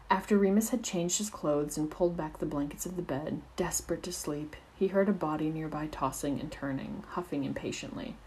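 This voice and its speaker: A woman narrating fan fiction aloud in a steady, expressive storytelling voice. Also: low-pitched, a little hiss or hum, poor audio.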